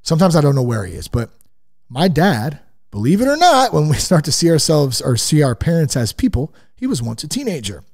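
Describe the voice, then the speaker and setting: A man's voice: on the high side, sing-song, fairly quick, darkish tone. A man hosting a casual faith-based sobriety podcast, talking in a conversational way and sidetracking into self-mocking jokes. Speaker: podcast host.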